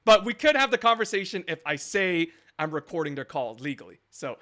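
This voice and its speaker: A man's voice: high-pitched, animated, brisk, pushed and bright. A man hosting a scambaiting live stream, explaining his plans in a rambling, think-aloud way.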